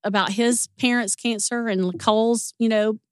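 A woman's voice: on the high side, normal speed, clean tone, no room sound, studio quality. A woman guest in an interview, telling personal stories in a casual, chatty way. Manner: warm, chatty, animated when retelling.

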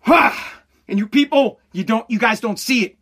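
A woman rants through political commentary in a heated, sarcastic and profane way. She jumps to loud shouts, then drops to slow, low-pitched emphasis. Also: breathy edge.

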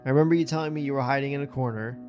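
A man co-hosting a podcast, chiming in casually to back up a shared story in a relaxed way. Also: medium pitch, very fast, faint music behind. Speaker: podcast co-host. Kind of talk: casual chat.

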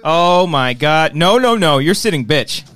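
A man co-hosting a podcast, talking in a loose, giggly way while a little intoxicated. His voice sits a touch high, and the recording is dry and close with almost no room sound. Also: animated, measured pace, fairly bright tone, smooth, no echo. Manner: joking, giggly, tipsy. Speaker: podcast co-host. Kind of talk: casual chat.

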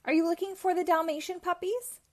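A woman's voice: very high voice, steady tone, fairly quick, pitched above the performer's own voice. A woman voicing a helpful old male dog who acts as a colonel in a read-aloud storybook, calling out heartily. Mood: commanding.

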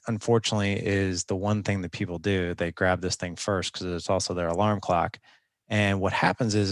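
A man's voice: on the low side, no room sound, studio quality. A man speaking as a guest coach in a conversational interview, earnest and instructive, often restarting his sentences.

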